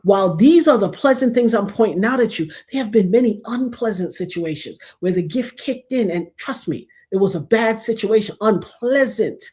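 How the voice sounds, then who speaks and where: A woman recounting stories in casual talk-show chat. She talks animatedly, slipping into the voices of the people she quotes, and her speaking voice sits at a middle pitch. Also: normal speed, few pauses. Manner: animated, acts out quoted dialogue.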